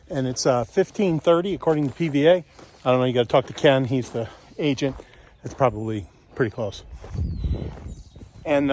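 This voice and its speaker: A folksy middle-aged man from Kentucky talks through a property tour, joking as he walks and sounding a little out of breath. His voice sits at an ordinary middle pitch, and a faint hiss of background noise runs under it. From Kentucky, USA. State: winded from walking uphill. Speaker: real estate investor vlogger. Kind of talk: casual walking home tour. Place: outdoors and inside a house on a property tour.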